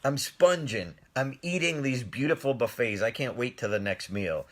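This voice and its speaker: A middle-aged man telling a personal story on a live stream in a casual, animated way, often laughing and answering viewers' comments. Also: mid-range voice, moderate pace.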